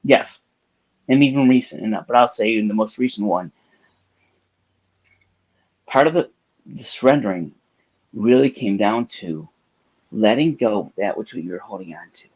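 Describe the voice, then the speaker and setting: A man's voice: fairly low pitch, moderate pace, long pauses, darkish tone, husky, muffled recording. A man co-hosting a spiritual live-stream discussion, reflective and storytelling, speaking in long winding sentences. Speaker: co-host.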